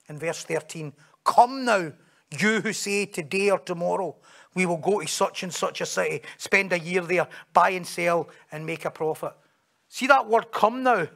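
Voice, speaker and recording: A man's voice: high voice, vocal fry, a bit bright. A man preaching a sermon in a conversational way, acting out quoted voices and asking rhetorical questions.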